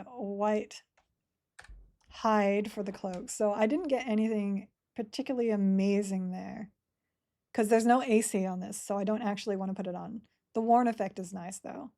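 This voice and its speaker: A woman from Sydney in her forties talks through a live game stream in an Australian accent worn down by decades in America. Her voice is warm and mellow, sitting at an ordinary middle pitch. She keeps the talk easygoing and chatty, answering her audience between plays with a slightly dry throat. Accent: Australian, partly Americanized. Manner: chatty and laid-back, laughs often, answers chat between game moves. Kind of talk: casual live-stream commentary while playing.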